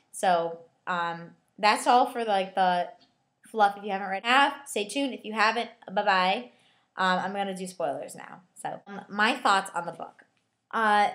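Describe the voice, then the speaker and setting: A teenage girl giving a chatty, casual book review, full of fillers, who slips into mocking voices. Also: on the high side.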